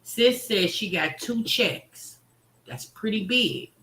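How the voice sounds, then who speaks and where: A woman's voice: medium pitch, lively intonation, takes it slowly, sharp tone, reverberant, slight background noise. A woman hosting a reaction livestream, chatting and teasing, talking straight to her viewers. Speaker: reaction channel host. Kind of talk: casual livestream commentary.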